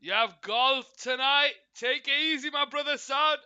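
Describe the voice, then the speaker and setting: A man's voice: extremely high pitch, measured pace, bright, forceful tone, highs cut off. A man hosting a live football watchalong, chatting to his viewers by name and calling out the team news with hype. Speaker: watchalong host.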